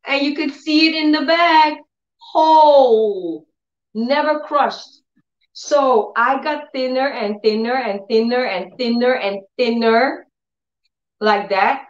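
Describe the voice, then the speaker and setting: Female preacher, higher voice, lively storytelling sermon, roomy and slightly muffled recording. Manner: animated storytelling, acts out dialogue in changed voices. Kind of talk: faith-healing sermon.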